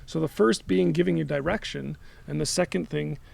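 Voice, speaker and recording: A man's voice: on the high side, moderate pace, creaky, darkish tone. A man life coach co-hosting a podcast, methodically laying out his points and using analogies. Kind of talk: casual conversational podcast.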